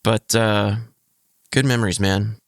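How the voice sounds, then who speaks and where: A man's voice: lowish voice, steady tone, unhurried, vocal fry, over loud music. A man co-hosting a podcast, joking around in laid-back banter with his friends. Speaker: podcast co-host.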